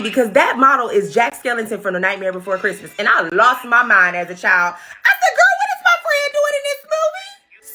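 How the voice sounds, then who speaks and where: A woman's voice: fairly high pitch, sharp tone, a little hiss or hum. A woman hosting a comedic movie recap, telling the story in a sassy, slangy style.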